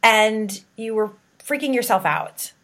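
A woman hosting a podcast interview, chatting warmly and enthusiastically, laughing often and leading with questions. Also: fairly high pitch, unhurried. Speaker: podcast host. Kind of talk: casual interview chat.

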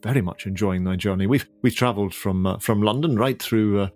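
A man voicing a polite, genteel gentleman traveller with formal, hesitant phrasing in a tabletop game. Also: lowish voice, fairly quick, soft background music, lightly acted. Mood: courteous.

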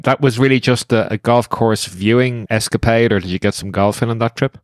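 A man's voice: mid-range voice, steady tone, fairly quick, no room sound, clean studio sound. A man hosting a golf podcast interview, chatting casually and then reading his set closing questions. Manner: friendly, scripted closing questions. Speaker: podcast host.

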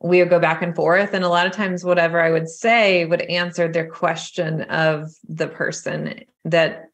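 A woman's voice: fairly low pitch, level tone, normal speed. A woman guest explaining spiritual guides in a chatty, easygoing conversation. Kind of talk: casual chat.

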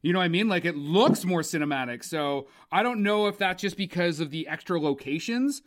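A man's voice: high voice, animated, brisk. A man from Canada co-hosting a casual movie podcast, rambling and joking with frequent swearing. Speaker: podcast co-host. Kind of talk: casual movie-review chat.

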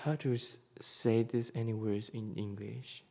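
A man's voice: on the low side, fairly even intonation, creaky, darkish tone. Hesitant man. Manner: hesitant, halting, repeats words while searching for them. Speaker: podcast co-host. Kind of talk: casual chat in a second language.

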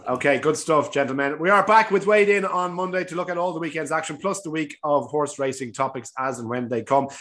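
Man, podcast host, racing tips chat, fast talker, bright tone, joking. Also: on the high side. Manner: jokey, teasing, wraps up segments. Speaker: host of a horse racing tipping show. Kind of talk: casual tipping chat.

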